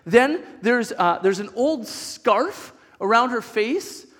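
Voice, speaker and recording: A middle-aged man preaching a sermon as a pastor, telling stories in an animated, chatty way with many restarts. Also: extremely high pitch, slow pace. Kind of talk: storytelling sermon. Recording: long hall reverb.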